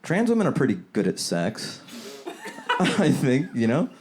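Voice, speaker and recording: A male stand-up comedian working a club crowd in a loose, conversational way, now and then jumping into high, silly voices. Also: wildly swooping pitch, measured pace. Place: comedy club before a live audience. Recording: loud crowd laughter around the voice.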